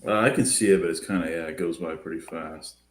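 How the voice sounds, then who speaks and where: A man calling in as a guest to a livestream, talking in a relaxed, hesitant way with many fillers. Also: sits low, quick pace, roomy sound. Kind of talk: casual livestream chat. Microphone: remote call.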